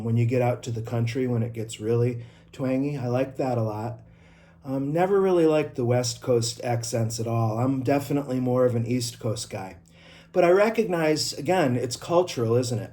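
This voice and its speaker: A man's voice: mid-range voice, warm tone. Chatty man with an Inland North accent. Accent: Inland North American. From upstate New York. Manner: chatty and personal, with asides and self-corrections. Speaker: IT trainer. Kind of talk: casual vlog talk to camera.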